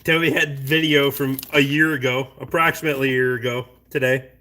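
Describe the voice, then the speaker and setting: Bright-voiced, foul-mouthed man. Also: medium pitch, little pitch movement, brisk. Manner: profane, blunt and rambling. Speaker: livestream host reading chat. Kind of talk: casual late-night chat.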